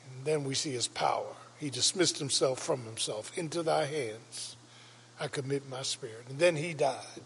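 Husky preaching man in echoing church. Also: mid-range voice, animated, moderate pace. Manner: preaching with dramatic rises into shouts. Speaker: pastor. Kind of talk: Easter sermon. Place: church sanctuary. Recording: reverberant church hall.

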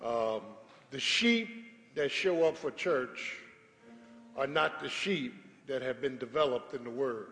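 A man's voice: medium pitch, expressive, takes it slowly, creaky, a bit bright, a little hiss or hum. A pastor addressing his congregation in a service, exhorting with call-and-response. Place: large church sanctuary. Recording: echoey church hall with congregation.

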